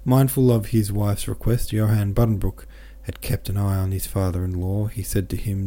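A male podcast host reads a classic novel aloud. His voice is low and mellow. His delivery is steady, with small self-corrections along the way. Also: normal speed, few pauses. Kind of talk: audiobook narration.

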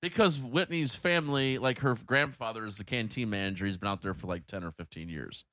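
A man's voice: on the low side, fairly quick, no room sound, clean studio sound. A middle-aged man hosting a casual podcast chat, telling a story with lots of swearing and acting out both sides of the conversation. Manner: profane, animated storyteller who acts out both sides of dialogue.

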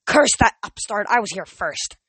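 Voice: mid-range voice, moderate pace, no room sound, lightly acted. A reader voicing a grumpy, wily old male sea spirit with a wailing, self-pitying manner in a storybook reading. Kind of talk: audiobook reading.

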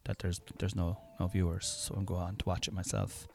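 A man's voice: sits low, little pitch movement, fairly quick, vocal fry. A middle-aged Irish man hosting a comedy podcast, rambling and self-mocking with lots of fillers. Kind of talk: casual comedy podcast chat.

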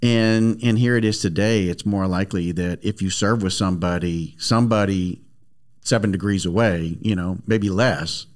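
A man with a fairly low voice hosts a relaxed interview podcast. He muses out loud and asks easy follow-up questions in a conversational way. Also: normal speed. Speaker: podcast host. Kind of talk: casual interview chat.

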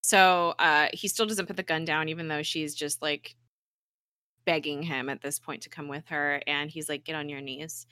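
Bright woman, casual TV recap chat, tight dry mic, acts out lines. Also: sits low, normal speed, smooth, no room sound. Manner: animated retelling, acts out characters' lines. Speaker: podcast co-host.

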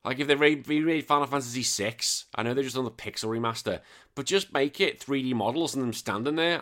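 Man, podcast host, casual chat, joking, sweary, rambling, bright tone. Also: medium pitch, fairly quick. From United Kingdom. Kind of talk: casual chat reading listener comments.

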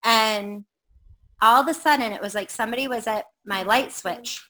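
A middle-aged woman with a bright, lively tone tells a ghost story in casual conversation. She rambles with fillers and slips into the voices of the people she quotes. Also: fairly high pitch, moderate pace, poor audio. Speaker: guest telling a ghost story.

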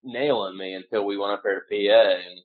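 A man guest telling a lively hunting story, casual and profane, with lots of fillers. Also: lowish voice, brisk, phone-quality sound. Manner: animated, swears casually, many fillers. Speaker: guest hunter.

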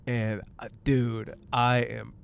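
A man's voice: mid-range voice, little pitch movement, slow, vocal fry, slight background noise. A man hosting a podcast, talking casually while driving, sick with a sore throat, joking, swearing and laughing often. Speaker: podcast host. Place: car, on the road.

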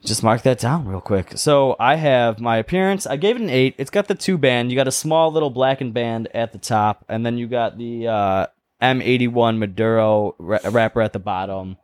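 A man's voice: mid-range voice, moderate pace, clear, resonant tone, dry recording. A man co-hosting a casual podcast, telling a news story and reviewing a cigar, laughing often. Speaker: podcast co-host. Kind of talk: casual chat.

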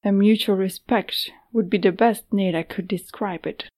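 A woman narrating a fantasy audiobook in a measured, steady way. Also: mid-range voice.

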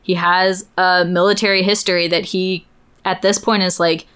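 A woman's voice: on the low side, little pitch movement, normal speed, fairly bright tone, smooth. A young woman co-hosting a podcast, speaking enthusiastically and with strong opinions in casual chat. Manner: enthusiastic, opinionated, many "like" fillers. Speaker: podcast co-host.

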